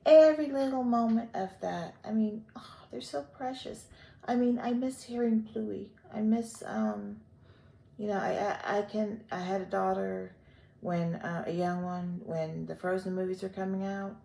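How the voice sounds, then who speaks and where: An older woman from the Gulf Coast of Texas, rambling through a personal vlog with many pauses and fillers. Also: medium pitch, steady tone, gravelly, dark tone, reverberant. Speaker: vlogger.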